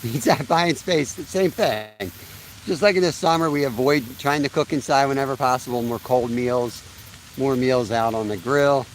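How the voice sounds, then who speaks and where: A man in his thirties talks to his live viewers from a creek bank, relaxed and chatty, laughing easily between thoughts. His voice sits at an ordinary middle pitch. Faint outdoor noise and the odd passing vehicle sit behind him. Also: moderate pace, rough recording. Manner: laid-back, chatty, laughs often. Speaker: fishing livestream host. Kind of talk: casual live-stream chat. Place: outdoors by a creek while fishing.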